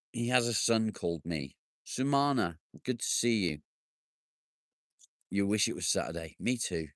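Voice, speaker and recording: A man with a lowish voice chats with viewers on a live stream from outdoors in his garden. He banters, jokes and swears casually as he answers comments. The sound is close and dry. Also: dry recording. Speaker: livestream host.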